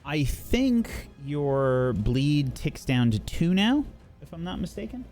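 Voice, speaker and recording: A man narrating and running a tabletop game as game master, unhurried and full of fillers. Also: a little high, sing-song, a little mellow, faint music behind.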